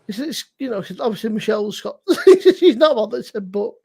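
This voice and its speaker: A woman chatting as a guest on a live stream, her voice gravelly and husky. She tells stories in an animated way, swears freely and keeps calling people "mate". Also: on the high side, fast. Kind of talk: casual chat on a live stream.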